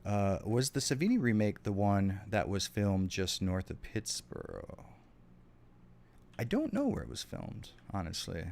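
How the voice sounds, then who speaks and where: A man's voice: fairly low pitch, sing-song, moderate pace, hardly any pauses, darkish tone, a little hiss or hum. A man streaming a game, chatting casually with his viewers, swearing often and reacting to their messages. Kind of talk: casual gameplay stream chat.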